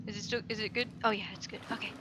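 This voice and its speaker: A woman running a let's play commentates gameplay in a rapid-fire, bright, forceful voice of medium pitch, steady in tone but slightly rough. She's jittery, swears, and mutters to herself, her headset mic flipped up above her head.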